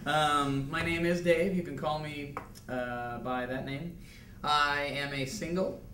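A quality control manager nervously rambles through an unprepared self-introduction at a business meeting, stammering and laughing. He is heard from far off in an echoey conference room over a video call, with a little hiss or hum. His voice is fairly high, slow, and steady yet sharp in tone.

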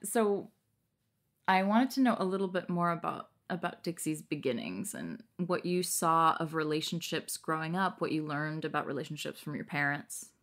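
Woman, podcast host, soft curious questions, intimate chat. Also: deep voice, lively intonation, normal speed.

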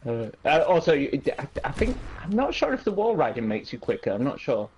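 A British man co-hosting a gaming podcast, chatting casually while playing and breaking into excited shouts. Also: mid-range voice, a little fast, muffled recording, a little hiss or hum. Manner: jokey, bursts into excited shouts. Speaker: podcast co-host.

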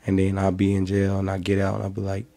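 Gravelly low-voiced man riffing crudely. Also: completely flat delivery, fast, dark tone, dry recording.

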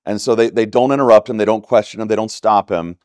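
A man's voice: lowish voice, fairly even intonation, quick pace, darkish tone, clear, resonant tone, no room sound. A man with a Texan accent teaching a church Bible study in a conversational way, often checking in with "right?". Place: church classroom.

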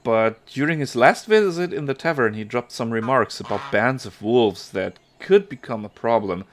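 A man's voice: mid-range voice, expressive, moderate pace, close to an everyday voice. A man voicing a shrewd, fatherly village elder who talks persuasively.

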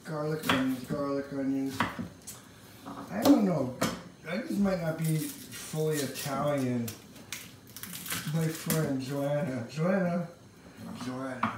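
A man from Wisconsin chats and tells family stories while cooking, slipping into voices for the people he remembers. His voice sits a bit high. The mic hangs well back in a very echoey kitchen, with a clear layer of background noise. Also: slow pace, pauses often, far from the mic. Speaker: home cook and vlogger. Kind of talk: rambling storytelling while cooking. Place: home kitchen.

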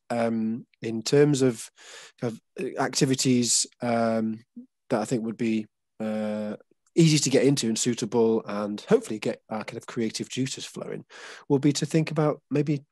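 A man's voice: mid-range voice, a little mellow, no echo. An English man leading a casual group session, explaining patiently with many fillers and restarts. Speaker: workshop leader.

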